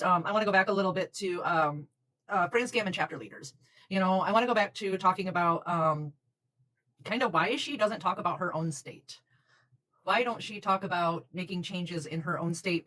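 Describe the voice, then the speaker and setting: A woman's voice: medium pitch, sharp tone, poor audio. A woman co-hosting a casual talk show, frank and chatty, calling people dude. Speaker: podcast co-host. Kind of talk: casual chat.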